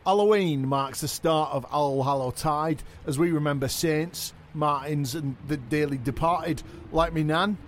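An actor playing a dim, boastful male wrestling champion, delivered deadpan. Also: fairly high pitch, unhurried, hardly any pauses, slight background noise, natural voice. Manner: deadpan, proud and clueless. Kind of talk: scripted comedy podcast.

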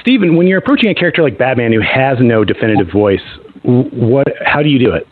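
Fast-talking, husky co-host. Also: male voice, medium pitch, big pitch swings, dry recording. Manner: rapid, halting, with many restarts. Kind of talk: casual call-in chat. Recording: dry, tinny phone-like sound.

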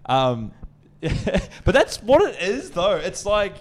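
A man's voice: sits high, big pitch swings, takes it slowly. A young man, co-hosting a podcast and telling a long rambling story, full of swearing and acted-out quotes. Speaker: podcast co-host. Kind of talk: casual storytelling chat.

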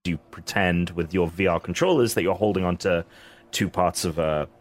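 Laid back podcast guy, lowish voice, kinda fumbles for words. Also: moderate pace. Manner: easygoing, hesitant, searches for words. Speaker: podcast co-host. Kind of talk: casual group chat.

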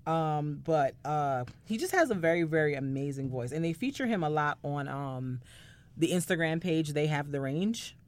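A woman's voice: low-pitched, animated, moderate pace, darkish tone. A woman co-hosting a casual chat show, rambling with fillers and mock indignation when teased. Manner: playfully dramatic, mock-indignant. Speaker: podcast co-host.

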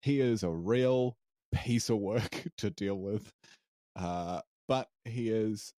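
On a podcast recapping a tabletop game, a man who co-hosts and plays chats casually, rambling and hesitating with many fillers and laughs. His voice is lowish, slow and warm, captured in clean studio sound with no echo.

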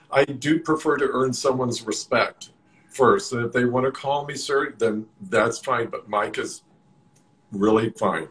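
A man's voice: medium pitch, fairly bright tone, poor audio. Easygoing Midwestern man in his sixties. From Midwest USA. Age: 60s. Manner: easygoing, plainspoken, joking. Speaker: guest. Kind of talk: casual interview.

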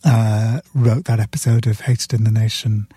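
Mellow, husky man telling a story. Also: lowish voice, little pitch movement, normal speed, no room sound. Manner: earnest storyteller, retells scenes; sipping beer while talking. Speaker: author guest. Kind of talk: podcast conversation.

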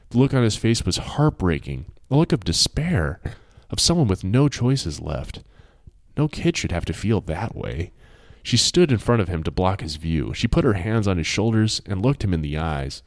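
A man narrating an audiobook in a measured, expressive storytelling manner. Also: deep voice, dry recording, studio quality.

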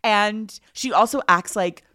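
A woman's voice: mid-range voice, measured pace, bright, forceful tone, no echo, studio quality. A woman co-hosting a casual podcast, chatting and gossiping about reality TV and laughing often. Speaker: podcast co-host. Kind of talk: casual chat recapping reality TV.

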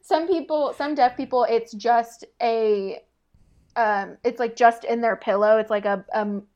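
A woman's voice: on the high side, unhurried, a little mellow, highs cut off. Rambling, giggly young woman telling stories. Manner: rambling storyteller, laughs often, many fillers. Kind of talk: casual chat.

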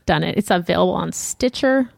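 A woman's voice: fairly low pitch, lively intonation, brisk, vocal fry, no echo, clean studio sound. A woman co-hosting a podcast in casual chat, giving brief replies and cheerfully plugging her show. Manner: brief replies, upbeat promoting. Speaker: podcast co-host.

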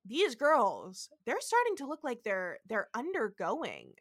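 A woman's voice: a little high, wildly swooping pitch, measured pace. A woman co-hosting a podcast, chatting casually with lots of fillers and frequent laughter. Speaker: podcast co-host. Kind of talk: casual podcast chat recapping a TV episode.

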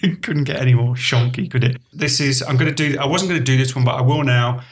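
A man's voice: mid-range voice, fast. A man co-hosting a podcast in casual chat, bantering in a dry, teasing way while he asks quiz questions. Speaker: podcast co-host.

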